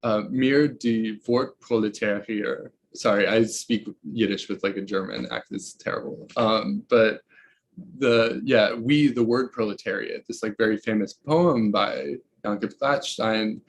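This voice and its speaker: A man's voice: on the low side, unhurried. A young man speaking as a researcher in an academic interview, hesitant, with many fillers and restarts. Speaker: researcher guest.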